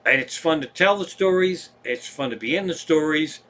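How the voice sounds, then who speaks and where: A middle-aged comedian with a Pennsylvania accent spins a long story on a live stream, cursing freely and getting worked up. His voice sits a little high and rings bright and forceful. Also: moderate pace. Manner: profane, animated storytelling.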